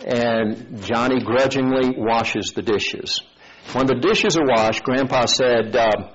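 A man preaching a sermon, telling a story and acting out its voices in an animated way. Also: medium pitch, slow pace, muffled recording, slight background noise.

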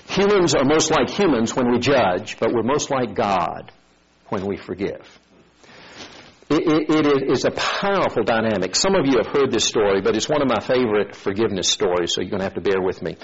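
A man preaching a sermon, telling a story and acting out its voices in an animated way. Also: fairly low pitch, normal speed, breathy edge, lo-fi sound.

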